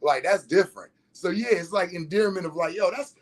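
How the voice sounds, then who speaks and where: A man's voice: high-pitched, fairly quick. Laid-back man telling stories. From Detroit, USA. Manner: relaxed, laughing, slangy, many restarts. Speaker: vlogger. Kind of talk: casual storytelling monologue.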